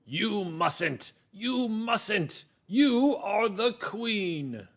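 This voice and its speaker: A bored, complaining queen from a children's storybook, drawn out in a high, singsong voice as a male teacher puts her on. The lines are stretched slowly and loudly for young listeners. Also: expressive, exaggerated voice. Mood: alarmed.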